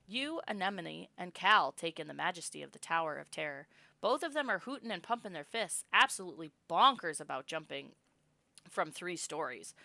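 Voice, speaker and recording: A woman's voice: deep voice, vocal fry, sharp tone, no echo. A woman streamer reading game text aloud and chatting casually with her viewers. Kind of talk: game narration and casual live chat.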